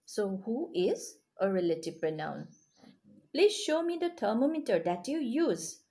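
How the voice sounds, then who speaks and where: Warm and very animated, a woman with a fairly high voice gives children a grammar lesson at a measured pace. She explains things patiently, checking in often with a rising "yes?" or "okay?".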